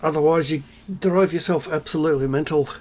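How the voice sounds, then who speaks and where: A man with a somewhat high-pitched voice rants straight to his viewers in a solo vlog. He is sarcastic and irreverent and swears freely, punching key words with sudden emphasis. He breaks into laughter between points. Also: a little fast. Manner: animated, with bursts of emphasis and laughter. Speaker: channel host. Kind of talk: ranting solo vlog monologue.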